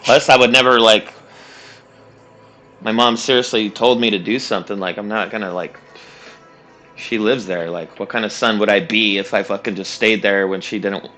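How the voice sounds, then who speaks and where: A man's voice: fairly low pitch, steady tone, moderate pace, sharp tone, faint music behind. A young man streaming a game, telling a long story casually, rambling and swearing with lots of fillers and laughs. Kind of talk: casual storytelling while gaming.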